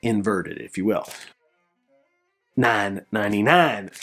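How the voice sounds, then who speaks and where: Guy showing off his record finds, gets all worked up then calms down low, some faint music behind. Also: takes it slowly. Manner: excitable, voice jumps up when thrilled, then drops low. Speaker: record collector vlogger. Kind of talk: casual show-and-tell vlog.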